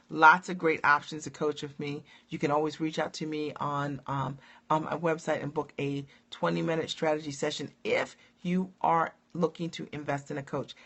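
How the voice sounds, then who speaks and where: Upbeat woman coach, forties, gravelly edge to the voice, casual live-stream chatter. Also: low voice, fairly bright tone. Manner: upbeat, chatty, many fillers and asides.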